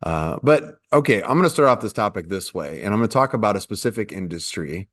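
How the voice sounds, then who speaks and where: Low-voiced joking male podcast host. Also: lively intonation, quick pace, a bit bright, dry recording. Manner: playful, joking, then explaining at length. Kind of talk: casual podcast chat.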